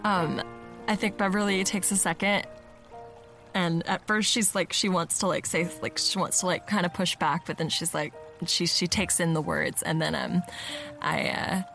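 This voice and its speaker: A woman playing a tabletop game, describing her character with halting, filler-heavy phrasing. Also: on the low side, fairly even intonation, fairly bright tone, soft background music. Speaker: player. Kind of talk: tabletop game actual play.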